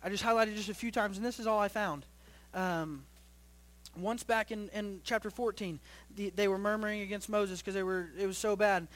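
High-voiced young man preaching a sermon. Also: steady tone, moderate pace. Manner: preaches in rising bursts, then drops low and quiet; repeats phrases and restarts often. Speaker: pastor.

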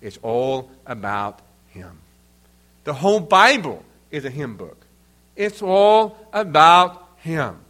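A man preaching a sermon in an earnest, emphatic way, pausing between phrases. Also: on the high side, sharp tone. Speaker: pastor.

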